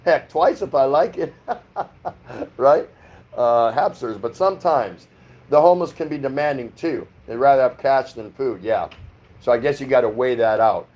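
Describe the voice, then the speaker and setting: A man's voice: medium pitch, animated, a little slow, dull audio. A middle-aged man from the United States hosting a casual livestream from his home, rambling as he reads viewer comments aloud and chats back. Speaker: livestream host. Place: home in the Philippines.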